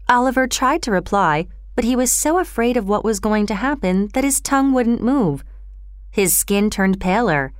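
Woman narrator, storybook reading, smooth clear voice, lively pitch, dry close sound. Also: no room sound. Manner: expressive, measured storytelling.

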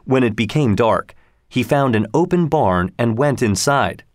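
Slow, expressive male storyteller. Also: mid-range voice, no echo, studio quality. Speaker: narrator. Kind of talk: storybook narration read aloud.

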